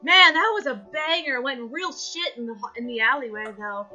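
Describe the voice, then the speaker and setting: A woman voicing a dreamy, spaced-out young male bard who talks slowly and drifts from thought to thought. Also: high voice, animated, bright, forceful tone, muffled recording, faint music behind, full character voice. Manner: slow, drifting, wide-eyed delivery.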